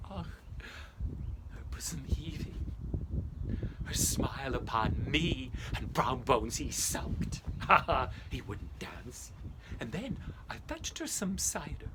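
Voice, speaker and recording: A male storyteller performing as an old, love-lorn schoolmaster, Ichabod Crane, telling the tale in a theatrical first-person style that drops into hushed whispers. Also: medium pitch, sing-song, slow. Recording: noisy background hiss.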